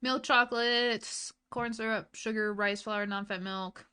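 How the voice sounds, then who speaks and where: A woman streamer in casual chat, ranting with heat and swearing, swinging between loud outbursts and low mutters. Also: steady tone, measured pace, smooth. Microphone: desk mic.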